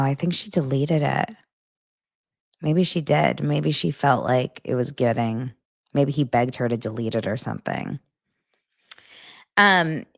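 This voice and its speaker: A woman hosting a podcast, chatting casually about celebrity gossip and reacting in an animated, exclaiming way. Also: rumbling low, creaky, no room sound, clean studio sound. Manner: animated, exclaiming and reacting while reading posts aloud. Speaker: podcast host.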